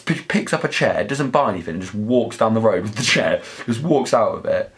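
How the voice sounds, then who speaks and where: A man's voice: on the low side, expressive, a little fast. A young man, telling crude, sweary, rambling stories in a casual vlog. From southern England. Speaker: vlog host. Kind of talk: casual anecdotal storytelling.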